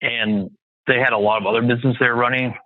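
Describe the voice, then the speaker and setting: A man's voice: medium pitch, steady tone, fast, dry recording. Guy on a thin dry phone line, sure of himself, stacks his points in lists. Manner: confident, emphatic, repeats points in lists. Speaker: guest real estate investor. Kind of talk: casual podcast interview.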